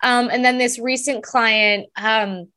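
A woman's voice: a little high, steady tone, slow, bright, forceful tone, smooth. A woman from Southern California, a psychic medium guest, talking about her readings in an effusive, enthusiastic way. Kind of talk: casual interview.

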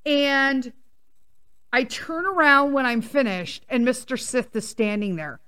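A woman's voice: on the high side, slow pace, clear, resonant tone. A woman hosting a casual talk show, telling a rambling story and swearing freely as she rants. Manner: profane, animated ranting; rambling with restarts and asides. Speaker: podcast host.

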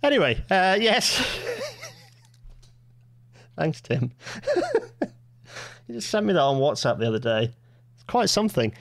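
A man hosting a casual live stream, rambling with quick asides and restarts. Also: a little high, very animated, creaky, a bit bright, no echo. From Scotland. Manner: rambling, self-interrupting, quick asides with laughs. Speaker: livestream host.

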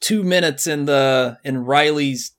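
A man co-hosting a podcast, talking about a film in a relaxed, easygoing way. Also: fairly high pitch, a little slow. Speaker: podcast co-host. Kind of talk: casual movie review chat.

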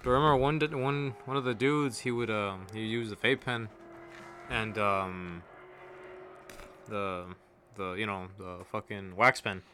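A man's voice: lowish voice, a little slow, sharp tone, slight background noise. Laid-back rambling podcast guy. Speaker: podcast co-host. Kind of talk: casual chat.

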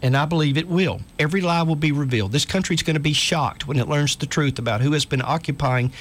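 A man's voice: a little high, fast talker, fairly bright tone. A man hosting a talk radio show, speaking in an earnest, urgent way and reading articles aloud to listeners.

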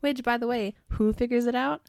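A young woman co-hosting a casual book podcast, animated and quick to act out the characters she quotes. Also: fairly high pitch, gravelly, no echo, clean studio sound. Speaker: podcast co-host.

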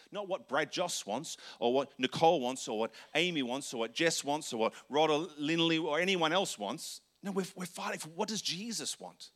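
A man who is the senior pastor, preaching a sermon in a loose, conversational way, correcting himself and slipping into quick asides. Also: on the high side, sharp tone.

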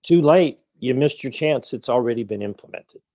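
A man's voice: mid-range voice, animated, normal speed, warm tone, no echo. A man in his sixties, speaking as an activist guest in an interview, arguing emphatically and posing rhetorical questions. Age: 60s. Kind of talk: interview conversation.

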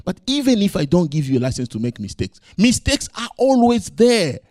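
A man preaching a sermon as pastor, swinging from loud emphasis to quiet asides and acting out his own quoted words. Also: sits high, sing-song, moderate pace, no echo, clean studio sound.

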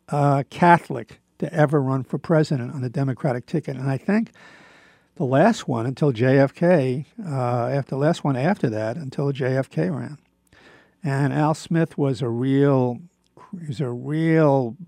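Gravelly older man hosting radio. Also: mid-range voice, darkish tone, dry recording. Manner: rambling, with many fillers and restarts. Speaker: radio show host. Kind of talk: casual monologue.

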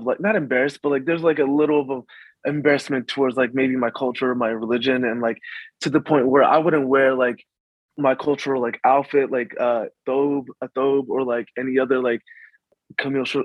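A young man from the Washington, DC suburbs, a guest in a casual conversation, speaking haltingly and full of fillers and restarts. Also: medium pitch, no echo, muffled recording.

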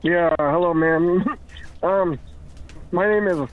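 This man, a regular on a podcast, has a high voice and speaks slowly with long pauses. His casual talk rambles and is full of giggles, restarted sentences and laughter, and the tinny, phone-like recording carries a little hiss or hum.

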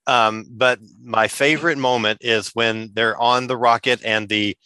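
A man's voice: mid-range voice, fairly even intonation, a little slow, pushed and bright, clean tone, dry recording. A man co-hosting a podcast, chatting casually and retelling favorite scenes with enthusiasm. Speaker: podcast co-host.

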